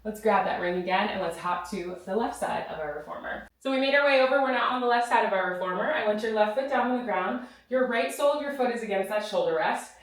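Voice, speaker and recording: A woman talks fast with few pauses in a mid-range voice as she coaches a follow-along Pilates workout on a reformer, breathless, counting reps and encouraging. The studio sounds roomy and echoey, with the mic set at a distance.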